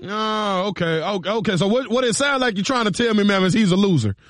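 A man on a radio show doing a prank call, posing as a police officer in a slow, mock-serious, teasing way. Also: high voice, a bit bright, no room sound, clean studio sound. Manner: mock-serious, drawn-out, teasing with a slight drawl.

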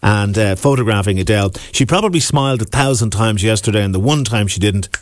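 A man's voice: on the low side, animated, fast, dry recording, clean studio sound. An Irish man hosting a radio breakfast show, chatting casually with his co-host and rambling through restarts. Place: radio studio.

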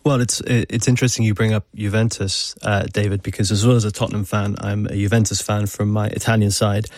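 A man's voice: on the low side, little pitch movement, fairly quick, a little mellow, no echo. A man speaking as a studio guest on a radio discussion, thoughtful and repeating words. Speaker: studio guest, football fan.

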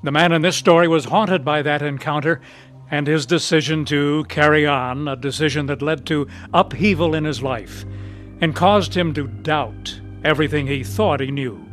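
A man's voice: on the high side, normal speed, a bit bright, faint music behind. Earnest male radio announcer. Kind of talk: scripted radio narration.

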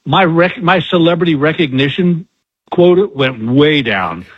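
Older man, comedian guest, self-deprecating, husky, dry muffled sound. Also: on the high side, a little slow, no room sound. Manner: candid, self-deprecating, animated quoting. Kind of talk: storytelling interview. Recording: dull lo-fi sound.

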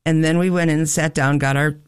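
A man swaps stories in an easy, casual chat, acting out the voices of the people in them as he goes. His voice sits a little high for a man. The sound is dry and close, with no room echo. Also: quick pace, clean tone. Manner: animated storytelling, acts out quoted voices, laughs often. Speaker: storyteller in a chat.

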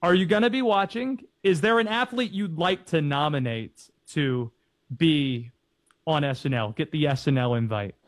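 A man hosting a sports talk radio show, casual and playful, quick to joke with guests. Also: on the high side.

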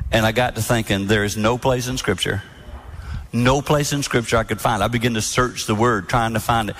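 A medium-pitched man gives a sermon-style talk about marriage to an audience, earnest and full of stories, occasionally acting out quotes in a soft-spoken voice.

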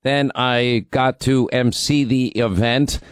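A man hosting a radio talk show, hoarse from talking too much, rambling and restarting his sentences. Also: medium pitch, steady tone, takes it slowly, no echo. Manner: rambling, self-interrupting, stammers on restarts. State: hoarse, strained voice from overuse. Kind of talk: casual talk radio monologue.

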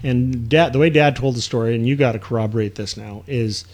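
A man hosting a casual chat with his mother, telling a family story in an animated way and often checking facts with her. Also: mid-range voice. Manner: animated storyteller, quick asides, seeks confirmation. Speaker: host interviewing his mother.

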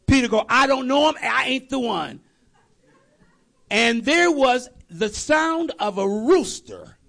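Male preacher, storytelling sermon, animated and conversational, gravelly, very lively pitch. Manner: animated, conversational, jokey asides.

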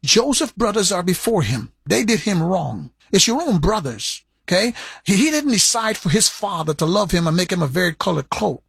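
Male preacher, raspy gravel in the voice, animated delivery that keeps repeating words for emphasis. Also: normal speed, no room sound. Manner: animated preaching with sharp swings in pitch and pace. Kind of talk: sermon.

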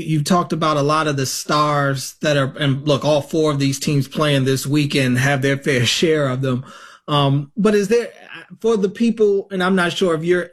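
Rambling man hosting sports talk. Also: a little high. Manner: rambling, loosely built questions.

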